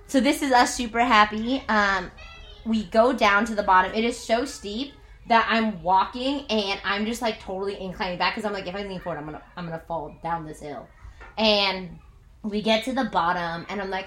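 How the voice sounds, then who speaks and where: A woman pastor telling a personal story during a sermon, animated and self-mocking, with lots of "like". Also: mid-range voice, moderate pace. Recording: echoey room.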